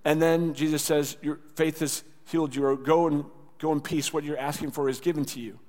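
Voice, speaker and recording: A man preaching a sermon in a casual, conversational way. He acts out quoted lines and drops to a soft voice for tender words. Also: a little high, fairly even intonation, fairly quick. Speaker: pastor. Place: church sanctuary. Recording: church hall with long reverb.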